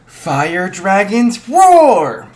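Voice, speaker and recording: A man voicing a small, eager boy with a high, excited, yelping delivery. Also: extremely slow, exaggerated voice. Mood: shouting.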